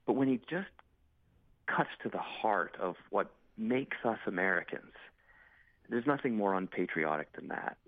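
A man with a low voice speaks with urgency and strong emphasis, pressing each point as an interview guest. His voice comes through a narrow, tinny phone line. The sound is dry, with no room around it. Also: expressive, unhurried, no echo. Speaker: congressman and Marine veteran.

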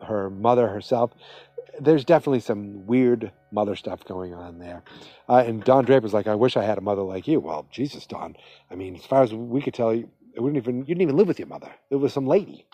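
A man hosts a podcast, recapping an episode in a loose, rambling way. He often stops and restarts. His voice sits at an ordinary middle pitch, recorded dry and close, with faint music underneath. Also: mellow, breathy edge, no echo. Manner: rambling, self-interrupting, conversational. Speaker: podcast host.

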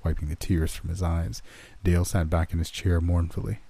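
A man narrating a horror story in a measured, somber way. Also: deep voice, level tone, vocal fry, warm tone, husky, dry recording.

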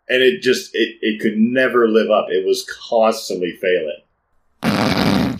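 A man co-hosting a podcast in casual chat, animated and defensive, laughing often. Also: fairly low pitch, slow pace, reverberant, background noise. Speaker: podcast co-host. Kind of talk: casual wrestling recap chat.

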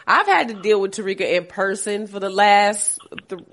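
A woman's voice: medium pitch, animated, normal speed, fairly bright tone. A woman hosting a casual sports podcast, her voice nasal and congested from a cold, chatty and teasing. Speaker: podcast host.

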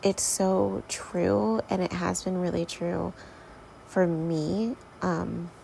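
A woman giving gentle, reflective encouragement in a faith talk. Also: lowish voice, level tone, slow pace, gravelly, slight background noise, poor audio.

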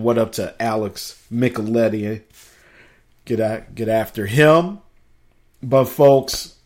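A man hosting a casual sports talk show, chatty and laid-back, with a slightly scratchy throat. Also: medium pitch. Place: home studio.

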